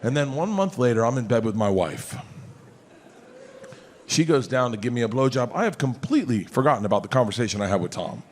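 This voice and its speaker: A man doing a stand-up comedy set on a stage, telling a story loudly, shouting punchlines and acting out the other voices. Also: medium pitch, big pitch swings, fairly quick, a little hiss or hum. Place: comedy stage before a live audience. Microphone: handheld stage mic.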